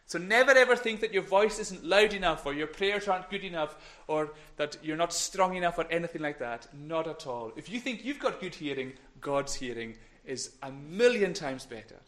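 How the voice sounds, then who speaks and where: A man with a high, light voice leads a children's talk in church. He is playful and encouraging, and at times sinks into a hush. He speaks into a microphone. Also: animated, normal speed, hardly any pauses. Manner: playful, encouraging, drops to whispers. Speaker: minister giving a children's talk.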